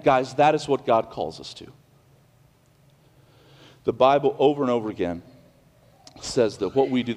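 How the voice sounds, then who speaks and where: A man preaching from the pulpit in a high, light voice, one moment loud and declaring, the next hushed and soft. He talks to the congregation conversationally, with restarts and asides, and his words ring out through a long reverb in the church hall. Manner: preaches with big swings from loud declarations to quiet hushed passages. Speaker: pastor. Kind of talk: sermon. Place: church sanctuary.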